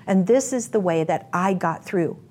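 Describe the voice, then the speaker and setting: Blunt low-voiced woman telling her story. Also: expressive, moderate pace, a little mellow. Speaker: interview guest. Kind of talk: candid testimony interview.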